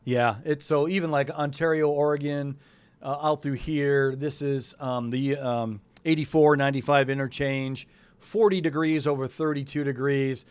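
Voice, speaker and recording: A man's voice: mid-range voice, fairly even intonation, moderate pace, clear, resonant tone, no room sound. A man from New England hosting a weather show, talking loosely and chattily and thinking aloud as he walks through the forecast. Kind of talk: casual live weather talk.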